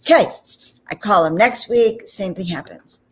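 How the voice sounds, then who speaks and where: A woman hosting a spiritual talk channel tells a personal story as an animated anecdote, sprinkling in "okay?" and "you know" again and again. Her voice is medium-pitched with a breathy edge, and she speaks unhurriedly.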